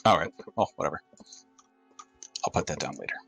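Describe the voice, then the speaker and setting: A man running a tabletop game as game master, talking in a halting way with many restarts. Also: extremely low pitch, expressive, creaky, bright, forceful tone, breathy edge, no echo, faint music behind. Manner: halting, full of fillers and restarts.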